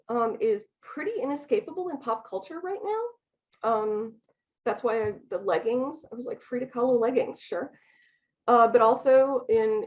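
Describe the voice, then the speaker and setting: A woman lecturing to a room about pictures on slides. Her voice sits a little low, and she talks fast, stopping and restarting her sentences with frequent ums. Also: rough recording. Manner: hesitant, many ums and restarts; speaks fast. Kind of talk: academic talk with slides.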